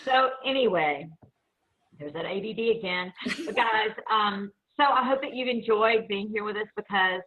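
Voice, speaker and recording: A woman's voice: fairly low pitch, narrow, tinny audio. A woman hosting a casual video-call talk show, a family lawyer who rambles, jokes at herself and chats freely. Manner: chatty, rambling, self-mocking. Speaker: family law attorney and show host.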